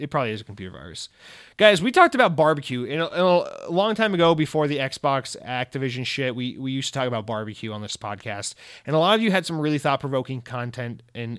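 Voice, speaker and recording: A man hosts a casual podcast in a loose, rambling way, cracking jokes and swearing freely. He often restarts his sentences mid-thought. His voice sits at a middling pitch, recorded close and dry. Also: fairly bright tone, no echo. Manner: rambling, profane, jokey, frequent restarts. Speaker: podcast host.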